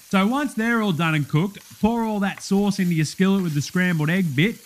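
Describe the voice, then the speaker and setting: A man's voice: fairly high pitch, a little hiss or hum, lightly acted. A man playing a brash, blokey Australian cooking-show host in a comedy sketch, matey and full of slang. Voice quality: loud, matey, slangy, laughing at himself.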